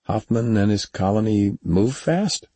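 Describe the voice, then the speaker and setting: Cocky male gunner, voiced by a male narrator: deep, husky, confident. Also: animated, measured pace, dark tone, dry recording, exaggerated voice. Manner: brash, confident.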